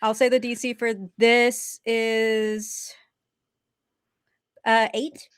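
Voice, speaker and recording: A woman's voice: on the high side, little pitch movement, extremely slow, clear, resonant tone, no room sound, studio quality. Playful woman running the game. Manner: playful, laughs often. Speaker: game master. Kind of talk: running a tabletop game on a stream.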